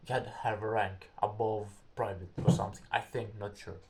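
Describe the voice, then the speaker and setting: A man's voice: on the low side, level tone, slight background noise. Rambling young man. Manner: rambling, halting, searches for words, acts out quotes loudly. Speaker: storyteller. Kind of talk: casual personal storytelling.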